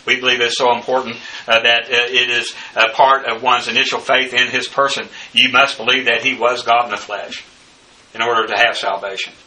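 Bright, halting male bible teacher. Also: medium pitch, flat delivery. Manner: halting, many filler uhs. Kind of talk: bible study lecture reading numbered notes. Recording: distant mic with faint background noise.

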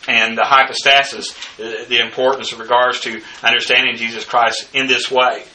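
A man teaching a bible study, working through numbered points in a halting way full of filler sounds. His voice is very bright and cutting. He sounds set back from the mic, with a faint hiss of noise behind him. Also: mid-range voice, level tone, far from the mic, rough recording. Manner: halting, many filler uhs. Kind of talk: bible study lecture reading numbered notes.

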